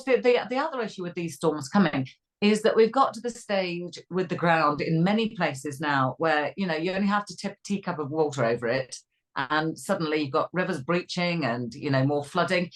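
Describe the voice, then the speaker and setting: A woman co-hosting a weather podcast, chatty and lively with jokey asides. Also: lowish voice, brisk, poor audio. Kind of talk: casual chat.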